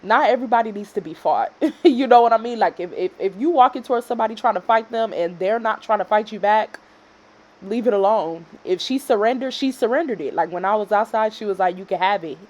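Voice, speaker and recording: A woman in her twenties from Houston, Texas, telling a casual storytime vlog in a dramatic way that swings from loud reenactment to quiet asides. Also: medium pitch, brisk. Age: 20s. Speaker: storytime vlogger.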